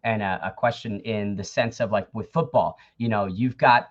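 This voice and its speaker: A man's voice: lowish voice, moderate pace. American man, interview guest, easygoing chatty talk, remote call, muffled lo-fi sound. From United States. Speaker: guest, MMA commentator. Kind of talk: casual interview chat.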